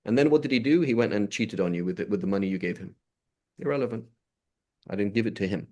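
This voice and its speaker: A man's voice: fairly low pitch, fast talker, darkish tone, highs cut off. A man giving an informal religious lesson, conversational, often checking in with his listeners by asking "right?" and "you know?". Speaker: Islamic teacher.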